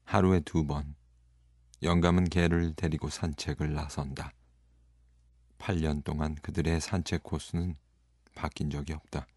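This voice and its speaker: A man reading a story aloud as narrator, in a brisk, steady manner. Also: a bass voice, no room sound, clean studio sound. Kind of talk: audiobook reading.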